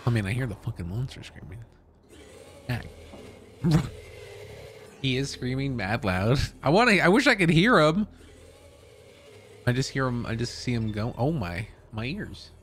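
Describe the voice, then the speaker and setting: A man's voice: medium pitch, measured pace, pauses often, slight background noise. A young man streaming a game live, chatting, swearing a lot and yelping when startled. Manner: excitable, swears a lot, yelps in fright. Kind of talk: live gaming commentary.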